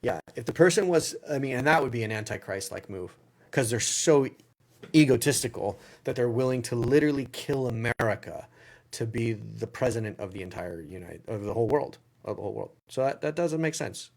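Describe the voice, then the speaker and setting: A man with a Southern US accent talks through a live Q&A at a mid pitch. He rambles, doubles back and repeats phrases as he reads viewer comments and answers them. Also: lively intonation, brisk. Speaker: livestream Q&A host. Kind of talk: casual livestream chat.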